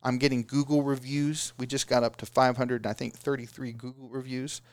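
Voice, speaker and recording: Gravelly-voiced man giving business advice. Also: mid-range voice, moderate pace, dry recording. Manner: animated, does mocking voices of excuses. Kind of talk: casual motivational talk.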